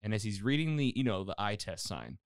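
This podcast host is a man whose voice sits on the low side, and he speaks briskly. Casually recapping a TV episode, he performs the quotes, leans on lots of fillers, and keeps the storytelling animated, all in studio quality with no room sound.

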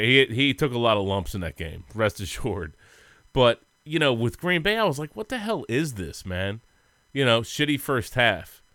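A man's voice: mid-range voice, sharp tone, no room sound. A man co-hosting a sports podcast, telling rambling, goofy stories in casual chat and laughing often. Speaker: podcast co-host.

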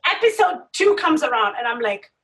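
A woman's voice: high voice, moderate pace, distant mic, background noise. A woman chatting casually and emphatically, acting out her reactions as she talks. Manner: animated, emphatic, acts out reactions. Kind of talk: casual chat.

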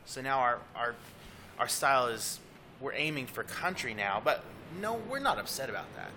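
A man with a bright, forceful voice talks easygoingly as a guest on a podcast, in quick bursts with restarts. A faint hiss of noise sits under the voice. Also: mid-range voice, big pitch swings. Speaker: band member, guest. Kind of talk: casual interview chat.

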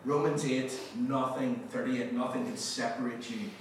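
A male pastor giving a sermon, telling stories with lively acted-out quotes and laughter. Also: medium pitch, normal speed, a little hiss or hum. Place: large church hall. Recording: echoey church hall from a distance.

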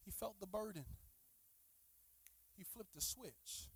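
A middle-aged man preaching a sermon, swinging from shouted, rising passages to quiet, drawn-out asides, and talking straight to the congregation with "y'all" and playful teasing. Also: high-pitched, husky. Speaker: pastor.

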